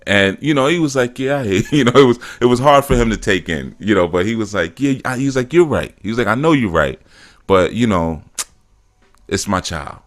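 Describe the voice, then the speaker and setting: A man's voice: on the low side, expressive, fairly quick. A middle-aged man hosting a show, talking in loose casual storytelling, with a lot of "man" and "you know", and getting emphatic now and then. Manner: acts out quotes and grows emphatic. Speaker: spiritual teacher and show host. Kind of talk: casual talk-show monologue.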